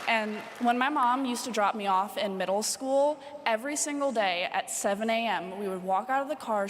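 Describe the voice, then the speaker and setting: A young woman, a graduating student, giving an earnest, heartfelt graduation speech. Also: medium pitch. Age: young adult. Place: large graduation hall. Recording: hall reverb, faint room noise.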